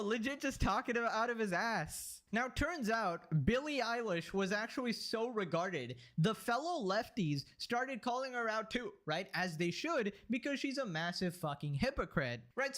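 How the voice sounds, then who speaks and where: A man's voice: very high voice, fairly bright tone. A man hosting a reaction commentary, talking in a sarcastic, mocking and profane way. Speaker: commentary channel host.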